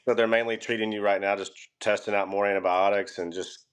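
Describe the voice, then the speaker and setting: A man interviewing a guest, calmly recapping events and asking follow-up questions. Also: lowish voice, brisk, a little hiss or hum. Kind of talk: casual interview.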